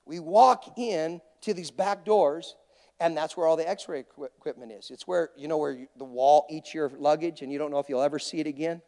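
A man's voice: fairly high pitch, a little fast, a little mellow. A male preacher telling stories in a conversational, anecdotal sermon. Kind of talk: sermon storytelling. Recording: long reverb of a large hall.

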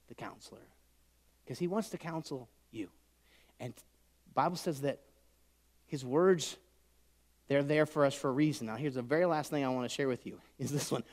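A middle-aged male pastor delivers a sermon with a slightly high voice. He swings dramatically between shouted passages and near-whispers. His voice rings out with long reverb in a large church hall.

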